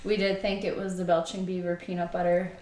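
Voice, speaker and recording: A woman's voice: fairly low pitch, level tone, brisk, a little mellow, echoey room, recorded from a distance, a little hiss or hum. A woman guest in a casual beer tasting chat, descriptive and giggly.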